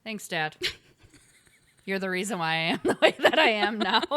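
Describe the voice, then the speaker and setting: A woman's voice: medium pitch, big pitch swings, moderate pace, fairly bright tone. A woman co-hosting a podcast in a casual chat, telling chatty stories and acting out the quotes, recorded in a home basement studio. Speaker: podcast co-host.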